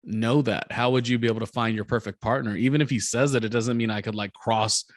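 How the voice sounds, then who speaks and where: A man hosting a casual recap podcast, rambling and hesitant, filling pauses with lots of ums. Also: mid-range voice, fairly even intonation, no echo, studio quality. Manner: rambling, hesitant with many fillers. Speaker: podcast host.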